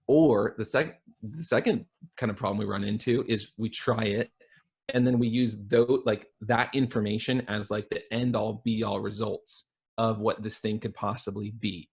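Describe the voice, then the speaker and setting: A man's voice: fairly low pitch, fairly even intonation, moderate pace, darkish tone, husky. A man guesting on a podcast, talking casually and earnestly, building his points through repetition. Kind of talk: casual conversational chat.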